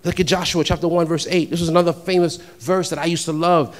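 Young man, pastor from New York, preaching in a talky way that builds to loud, ringing peaks; voice sits a bit high. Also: fairly even intonation, fast talker. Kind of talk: sermon.

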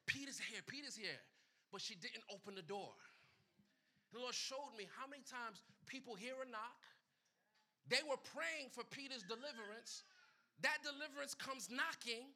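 A man preaches a sermon as pastor, emphatic and repetitive. His voice is extremely high-pitched, bright, and forceful in tone.

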